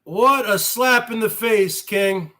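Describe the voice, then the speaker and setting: A very high-pitched man with a bright, sharp voice holds forth on his live stream in slow, drawn-out phrases. He boasts with wrestling-promo bravado and keeps throwing rhetorical questions at his viewers. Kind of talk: rambling live-stream chat.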